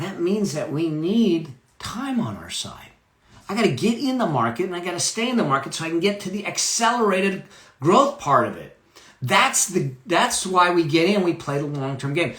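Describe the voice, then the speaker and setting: A man's voice: on the high side, a bit bright, echoey room. A man giving a live motivational talk about money, emphatic, repeating key phrases and checking in with "okay?".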